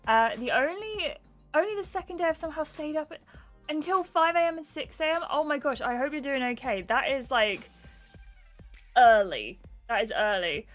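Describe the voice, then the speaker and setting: A woman's voice: high voice, expressive, normal speed, faint music behind. A young adult woman livestreaming a game, chatting casually and greeting viewers by name. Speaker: gaming livestreamer.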